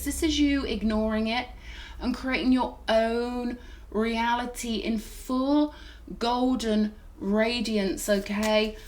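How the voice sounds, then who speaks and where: A woman giving a tarot reading to camera, gushing and reassuring, often checking in with "okay?". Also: on the high side. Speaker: tarot reader.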